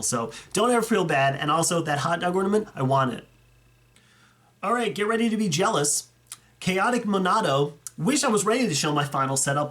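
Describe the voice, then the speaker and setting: This YouTuber, a young man with a fairly high voice, offers casual commentary over viewer photos of fan collections. He's chatty and excited, talking loosely and often stopping mid-sentence to correct himself. It sounds unscripted, like a friendly video commentary.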